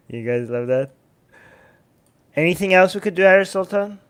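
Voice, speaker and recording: A man's voice: sits high, unhurried, smooth. A man hosting a livestream, talking casually and reading out chat messages, with frequent restarts. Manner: animated, restarts often, reads chat aloud. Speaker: livestream host.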